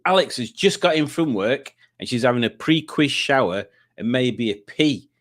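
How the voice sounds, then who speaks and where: A man's voice: medium pitch, expressive, moderate pace, fairly bright tone. A man hosting a live stream quiz night, chatting casually and rambling while he looks for clips. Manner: chatty, rambling, self-mocking.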